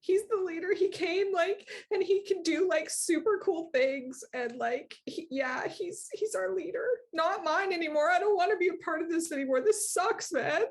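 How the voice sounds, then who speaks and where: A woman's voice: very high-pitched, normal speed, few pauses, voice pushed up. A woman voicing a frightened fourteen-year-old boy who rambles and pleads through tears. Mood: sulky. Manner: rambling, pleading, breathless apology.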